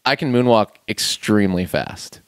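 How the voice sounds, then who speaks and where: A man's voice: on the low side, normal speed, smooth, no room sound. A man co-hosting a podcast, chatting casually and laid-back, often acting out what others said. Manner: laid-back, quotes friends in animated voices. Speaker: podcast co-host. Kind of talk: casual chat. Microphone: studio mic with headphones.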